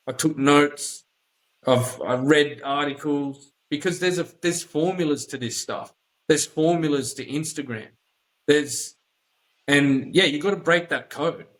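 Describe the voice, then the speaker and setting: A man's voice: on the high side, a little slow, poor audio. An Australian man hosting a podcast in casual chat, talking bluntly and emphatically with lots of swearing. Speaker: podcast host.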